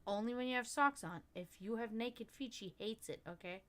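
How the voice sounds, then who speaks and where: A woman with a slightly high voice hosts her livestream in loose, casual chat. She rambles from one story to the next, swears freely and often breaks into laughter. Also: normal speed, a bit bright. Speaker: livestream host.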